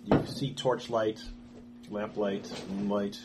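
Man narrating as game master, noisy. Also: on the low side. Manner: halting, full of fillers and restarts.

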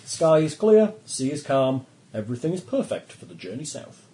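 Mellow-voiced male game master. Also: on the high side, brisk, rough recording. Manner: steady storytelling narration. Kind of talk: narrating a tabletop game.

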